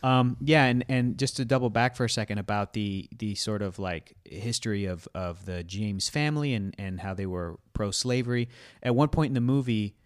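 A man's voice: fairly low pitch, moderate pace, few pauses. A man hosting a casual podcast chat, prompting others with questions and frequent "like"s. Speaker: podcast host.

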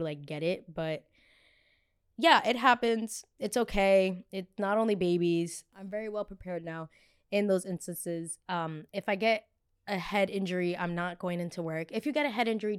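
Young woman podcast host, candid confessional storyteller, smooth clear voice, animated and salty. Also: fairly low pitch, moderate pace. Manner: candid, animated, swears freely.

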